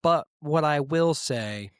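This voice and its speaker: A man's voice: on the high side, takes it slowly, clean tone, no room sound. Profane ranting man, dry close sound. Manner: profane, exasperated ranting with mocking quoted voices. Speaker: podcast host. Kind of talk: solo comedic rant.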